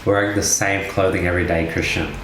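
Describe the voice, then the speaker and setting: Low-voiced man in an echoey room. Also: steady tone, a little fast, music in the background. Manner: reflective, thinks aloud with repeated starts. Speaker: podcast co-host. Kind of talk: casual chat. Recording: very echoey room with faint noise.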